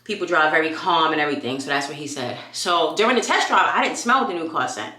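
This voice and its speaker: A woman telling a story in a casual vlog at home. She talks in a chatty, animated way and acts out what people said. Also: deep voice, fast talker. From New York. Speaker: vlogger. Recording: echoey room.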